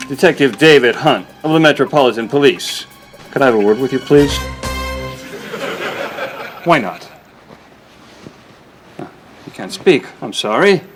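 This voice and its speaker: A fussy detective. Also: male voice, a little high. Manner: formal, animated, slow and deliberate. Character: officious, earnest male police detective. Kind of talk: sitcom acting.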